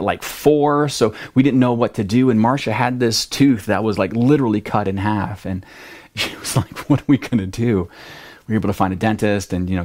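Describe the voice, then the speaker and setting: A middle-aged man preaching a sermon, telling a family story in a conversational way that grows lively at the dramatic moments. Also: lowish voice. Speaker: pastor.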